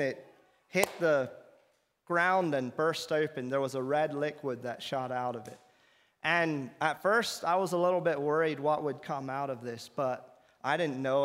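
A man's voice: fairly high pitch, fairly bright tone. Earnest man preaching in an echoey hall. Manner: earnest storytelling, emphatic prayer. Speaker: preacher giving testimony. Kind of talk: sermon testimony.

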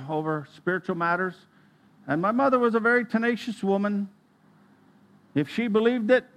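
A middle-aged man preaching a sermon, telling a personal story in an earnest manner and often clearing his throat. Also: sits high, a bit bright.

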